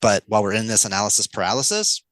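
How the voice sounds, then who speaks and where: A man guest on a podcast, explaining communication with lively, energetic delivery and frequent shifts of pace. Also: lowish voice, rapid-fire, dry recording, poor audio. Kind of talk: casual podcast interview.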